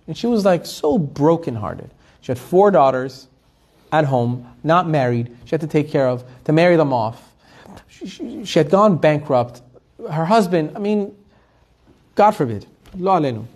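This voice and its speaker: Animated man telling a story, slightly high. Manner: animated storyteller, quick restarts and repeated words. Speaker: Torah teacher. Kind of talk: storytelling in a weekly Torah class.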